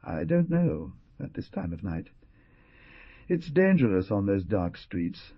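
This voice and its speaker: A man's voice: on the low side, sing-song, takes it slowly, creaky, no echo, muffled recording, full character voice. A man voicing a reluctant, slightly annoyed pharmacist. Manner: curt, hesitant. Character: reluctant, irritable older male pharmacist.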